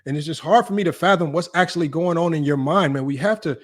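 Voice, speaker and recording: A man hosting a casual sports livestream, teasing his chat, his voice jumping up in mock disbelief. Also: quick pace. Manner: animated, teasing, voice jumps high in mock disbelief. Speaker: livestream sports talk host.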